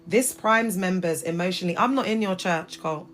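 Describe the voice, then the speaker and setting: A woman's voice: lowish voice, a little fast, hardly any pauses, fairly bright tone, faint music behind. A woman in her thirties hosting a casual livestream from her phone, talking emphatically and addressing viewers directly. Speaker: livestream host.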